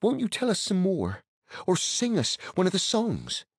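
A man reading an audiobook, voicing a young, polite male hobbit who speaks rapidly and coaxingly. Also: high-pitched, wildly swooping pitch, slightly rough, no echo, studio quality, full character voice.

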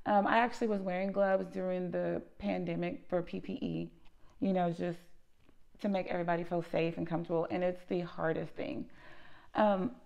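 A woman who runs a lice treatment business, telling an animated, emphatic storytime vlog and often tagging her points with "okay?". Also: fairly low pitch, moderate pace, vocal fry, muffled recording.

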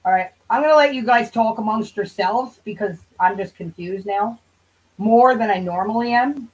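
A woman's voice: mid-range voice, normal speed, a little mellow, poor audio. A woman hosting a casual commentary stream, sarcastic and swearing often, rambling and talking straight to her viewers. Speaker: channel host.

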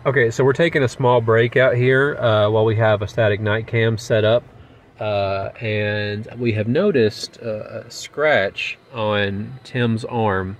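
Slow-talking man narrating a ghost hunt. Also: fairly low pitch, fairly even intonation, slight background noise. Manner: measured, offers logical explanations; crude joking banter. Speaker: paranormal investigator host. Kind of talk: ghost-hunting investigation narration. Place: old hotel at night.

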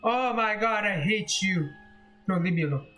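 A young man commentating a horror game, jumpy and swearing, often yelling in fright. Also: high-pitched, lively intonation, normal speed, faint music behind. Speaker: gaming video creator.

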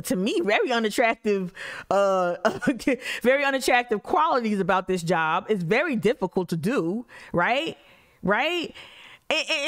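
A woman, an activist commentator reading news aloud and breaking off into blunt, profane rants. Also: medium pitch. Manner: blunt, profane, swings between animated rants and mumbled reading.

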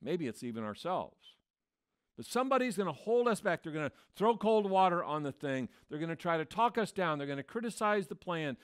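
A man's voice: high voice, smooth. A man preaching a sermon as pastor, in a conversational way that acts out the voices he quotes. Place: church.

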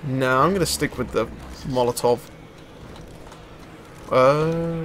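A man giving casual let's play commentary as a gaming YouTuber, chatty and excitable, exclaiming at enemies and laughing. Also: mid-range voice, takes it slowly, pauses often, slight background noise.

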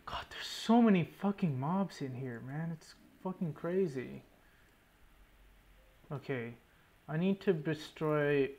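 A young man talks through his gameplay in a running, exasperated stream. He swears freely and mutters to himself. His voice sits a little high for a man. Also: expressive, slow pace, a little mellow. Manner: swears often, exasperated running self-talk. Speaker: gaming YouTuber. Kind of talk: live commentary over gameplay.

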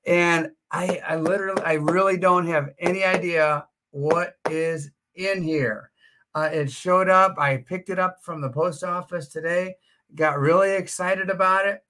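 A livestream auction host talks casually from his home in a high voice at a slightly slow pace, his easygoing chatter full of "uh" fillers.

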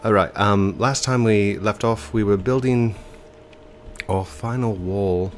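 A let's play host with a congested, stuffy nose commentates a video game in a put-on English accent. His voice is on the low side, steady and slow, and he hesitates with ums and corrects himself.

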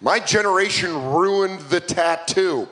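A man's voice: high voice, slow pace, background noise. A young man in his twenties performing a stand-up comedy set, self-mocking and punchy.

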